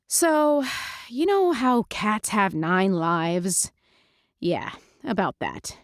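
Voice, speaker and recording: A woman telling an audio story in the first person, chatty and sarcastic, scattering "like" through her sentences. Her pitch leaps around expressively, and the recording is dry and close with no room sound. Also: huge pitch swings, drawn-out words, no room sound. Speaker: narrator.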